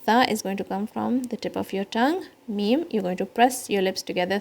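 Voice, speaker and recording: A woman teaching children Quran recitation, explaining each letter slowly and patiently, step by step. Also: mid-range voice, gravelly, a little mellow. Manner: breaks into quicker chanted recitation lines. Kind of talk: slow, patient kids' lesson.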